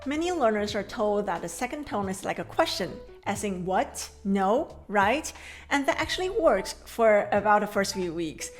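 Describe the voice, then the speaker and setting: Woman, Mandarin-native teacher, scripted lesson, clear measured delivery, mid pitch. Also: very animated, soft background music. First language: Mandarin Chinese. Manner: clear, measured explanations with slow modeled drills.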